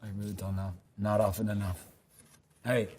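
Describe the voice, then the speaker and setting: A man's voice: on the low side, flat delivery, a little fast, darkish tone, husky. A man, an actor, answering questions in a casual, rambling, self-deprecating way and telling loose anecdotes. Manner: laid-back, rambling, self-deprecating storyteller. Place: lives in New York.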